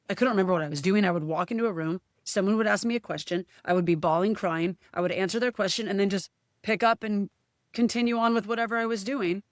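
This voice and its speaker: A woman's voice: fairly low pitch, no echo, studio quality. A woman guest in a casual podcast chat, speaking candidly and emotionally, often quoting what others said. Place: podcast studio.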